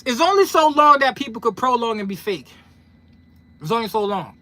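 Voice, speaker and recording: Extremely high-pitched, bright, and forceful, this New Yorker's voice is very animated but moves at a normal speed. He creates trucking content and talks directly to viewers in a casual monologue, emphatic and heavy on street slang, repeating lines for punch.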